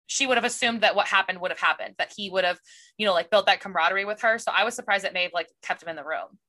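A young woman co-hosting a casual book podcast, chatty and quick, with lots of fillers. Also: medium pitch, bright, forceful tone. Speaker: podcast co-host.

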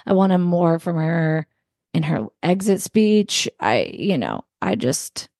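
A woman's voice: low voice, very animated, slow, gravelly, a little mellow, no room sound, studio quality. A woman co-hosting a podcast, talking in a reflective, easygoing way with light laughs. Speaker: podcast co-host. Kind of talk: casual chat.

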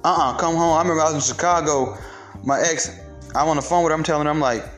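Profane man in an animated monologue. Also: a little high, rapid-fire, faint music behind. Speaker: show host. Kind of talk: casual monologue.

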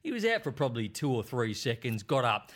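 A man's voice: mid-range voice, big pitch swings, brisk, fairly bright tone. A middle-aged Australian man, a former footballer, telling stories and teasing in casual podcast chat. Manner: jokey, teasing banter. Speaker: podcast co-host, former Australian rules player.

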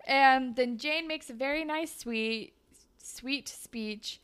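Woman podcast co-host, higher voice, lively recap, jumps into characters' lines. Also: slow, clean tone. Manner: animated, acts out characters' lines in bursts. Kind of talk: casual chat recapping a TV episode.

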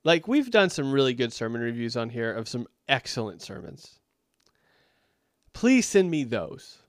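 A man's voice: medium pitch, big pitch swings, a little slow, no echo, studio quality. A man reviewing a sermon in a sarcastic, incredulous and rambling way. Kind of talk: critical commentary.

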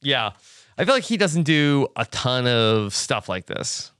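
A man's voice: medium pitch, unhurried, clear, resonant tone, dry recording. Male co-host, laid-back chatty delivery, close dry mic. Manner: relaxed, short agreeing replies, jokey asides. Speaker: podcast co-host. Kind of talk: casual recap chat.

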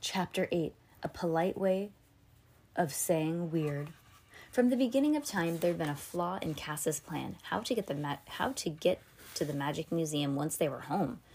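A woman's voice: sits low, animated, moderate pace, a little mellow, breathy edge. A woman hosting a podcast, reading a children's novel aloud in a casual way with chatty asides. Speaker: podcast host.

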